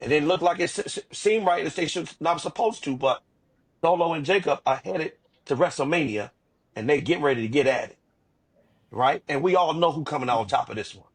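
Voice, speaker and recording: A man with a husky, slightly high voice, co-hosting a wrestling podcast. He retells matches in loose, animated casual talk and restarts his sentences often. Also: a little fast. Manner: animated storytelling with repeated restarts. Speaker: podcast co-host. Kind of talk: casual wrestling recap chat.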